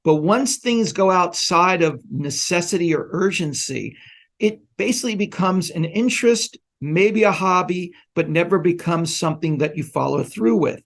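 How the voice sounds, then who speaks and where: A man's voice: high-pitched, normal speed, creaky, a bit bright. A man talking earnestly as a guest educator in a casual conversation. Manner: earnest, instructive. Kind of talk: casual chat.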